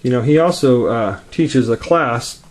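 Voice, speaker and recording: Man, casual show-and-tell, rambling, laid-back, quick talker, mid-pitched voice. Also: expressive, darkish tone. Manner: talks quickly. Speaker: comic collector vlogger.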